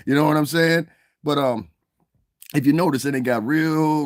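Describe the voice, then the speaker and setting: Middle-aged man, mid-pitched voice, fiery profane vlog rant, dry close sound. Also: brisk, dry recording. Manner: heated, profane, emphatic, repeats "you understand what I'm saying". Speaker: commentary vlogger. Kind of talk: profane ranting commentary.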